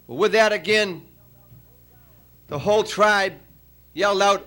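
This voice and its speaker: Guy with a high voice doing his farewell dinner speech, tells a long joke, lots of uhs. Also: sharp tone. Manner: storytelling, halting with many uh fillers. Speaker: honoree giving farewell speech.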